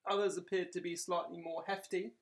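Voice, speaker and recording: A man's voice: high voice, flat delivery, brisk. A young man co-hosting a casual podcast chat, laughing often and teasing his partner in a wry way. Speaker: podcast co-host.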